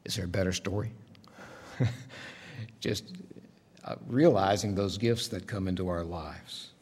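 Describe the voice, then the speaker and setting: A man's voice: low voice, a little fast, darkish tone, breathy edge. A male pastor preaching a sermon in a conversational, reflective storytelling way, heard in a church sanctuary. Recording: long reverb of a large hall.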